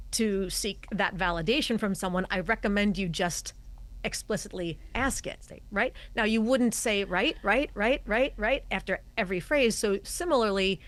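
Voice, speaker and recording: A middle-aged woman, a communication coach, who explains her points emphatically and acts out voice habits as examples during a podcast interview. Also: medium pitch. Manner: emphatic, demonstrates voice habits as she talks.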